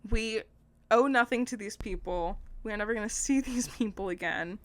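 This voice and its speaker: A young woman with a fairly high voice chats casually as a podcast co-host. She rambles through her story with constant fillers and the odd swear word, often breaking into laughter. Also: moderate pace. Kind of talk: casual chat.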